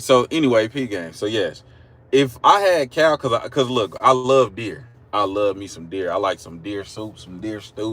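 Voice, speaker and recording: A man's voice: on the low side, a bit bright. A man with an Oklahoma country accent, chatting casually and rambling on a livestream from his car, joking with his viewers. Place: in a car at a drive-thru. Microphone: phone camera.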